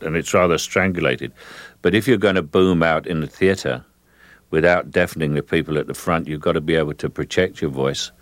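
A middle-aged man with a Cockney accent, a guest in a radio interview, talking in a halting way with many fillers and restarts. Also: extremely low pitch, fairly bright tone, no echo. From England.

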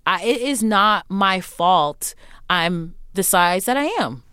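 A young adult woman talking candidly as an interview guest, emphatic and animated, acting out what other people said to her. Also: medium pitch, a little slow, smooth, no room sound, studio quality. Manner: animated, emphatic, acts out quoted remarks.

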